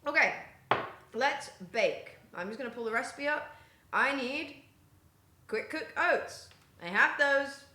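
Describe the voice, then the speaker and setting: A bright, sharp-toned young woman with a slightly high voice chats away to her stream chat as she bakes. She talks casually and keeps drifting off from the mic. The kitchen sounds echoey, with a faint hum of room noise behind her. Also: lively intonation, slow, pauses often. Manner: chatty, talks to chat while moving around the kitchen. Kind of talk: casual live-stream chat while baking. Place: home kitchen. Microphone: streaming setup, often walks away from the mic.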